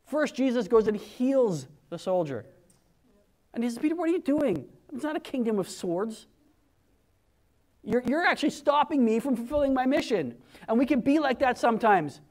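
A man preaching a conversational sermon, acting out quoted voices in an animated way. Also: very high voice, moderate pace.

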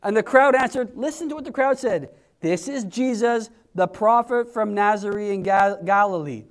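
A man with a strikingly high voice delivers a conversational sermon. He talks to the congregation directly and throws himself into acting out quoted voices. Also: moderate pace. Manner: conversational, animated, acts out crowd voices. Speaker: preacher.

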